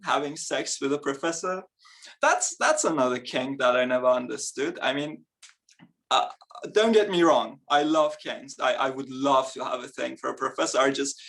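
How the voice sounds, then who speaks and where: A man's voice: a little high, creaky, fairly bright tone. A young man performing a stand-up comedy set, chatty and self-mocking, laughing between his lines. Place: live comedy event on stage.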